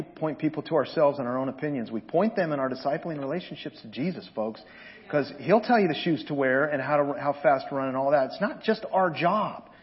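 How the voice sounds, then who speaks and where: A man delivers a sermon with a high, bright-edged voice. He tells lively stories and jokes with his congregation. The church recording sounds dull and lo-fi. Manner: animated storytelling, jokes with the congregation. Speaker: pastor.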